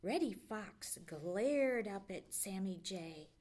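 A woman librarian reading a children's bedtime story aloud, expressive with dips into a hush. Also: medium pitch, slow pace.

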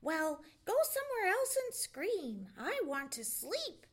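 Cross, snapping storybook fox, loud and raised in pitch, played by a woman narrator. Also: very animated, takes it slowly, exaggerated voice. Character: cross, snappish male fox, sly hunter.

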